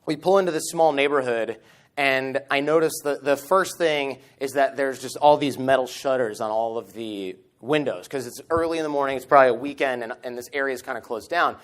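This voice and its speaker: A man in his thirties giving a storytelling talk at a conference stage microphone, animated and acting out the lines he quotes. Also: medium pitch, brisk. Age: 30s. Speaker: conference speaker.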